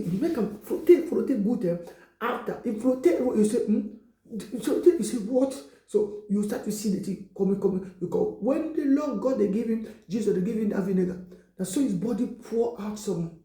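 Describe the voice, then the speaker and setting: A woman giving an informal exhortation, repeating herself, leaning on "you see" and breaking into loud prayer. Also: medium pitch, reverberant, rough recording. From Cameroon. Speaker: exhortation speaker.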